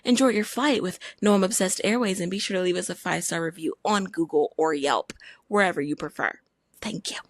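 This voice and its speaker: Careless flight attendant, put on by a woman, mock-polite cabin announcements, accents that keep shifting, a lowish voice, dry close sound. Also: brisk, no echo. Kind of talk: comedic role-play bit.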